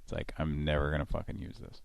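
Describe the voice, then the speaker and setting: A man's voice: a bass voice, completely flat delivery, quick pace, creaky. A man hosting a live online show, chatting casually and rambling with lots of fillers and restarts. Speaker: host.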